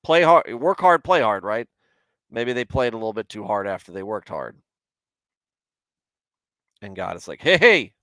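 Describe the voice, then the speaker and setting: A man's voice: on the low side, moderate pace, pauses often, a bit bright, no echo. A man hosting a casual livestream Bible commentary, rambling with many restarts and stopping to chat with viewers. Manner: chats with live viewers. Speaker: host.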